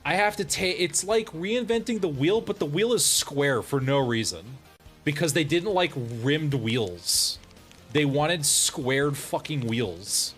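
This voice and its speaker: A fairly high-voiced man rants on a livestream, his pitch swinging widely between incredulous highs and grumbling lows. He swears freely and laughs through his frustration, with faint music playing underneath. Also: expressive, slow, a bit bright. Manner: exasperated, profane ranting with bursts of laughter. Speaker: VTuber streamer. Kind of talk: casual livestream rant.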